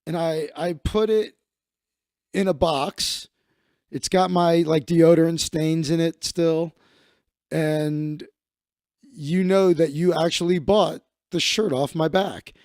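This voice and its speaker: A man's voice: a little high, darkish tone, no echo, studio quality. A man hosting a comedy livestream, rambling and self-mocking in a casual monologue. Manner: rambling, self-mocking, laughing at own jokes.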